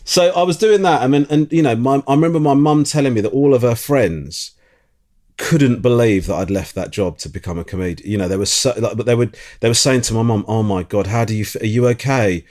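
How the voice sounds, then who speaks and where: A man from England, a comedian guest, chatting casually on a podcast and telling stories with quick restarts. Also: mid-range voice. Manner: animated storytelling with quick restarts.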